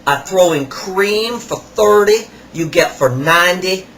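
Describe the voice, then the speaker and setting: A man voicing a pushy male kiosk salesman with a Russian accent, speaking slow, broken English in an insistent sales pitch. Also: lively intonation, a bit bright.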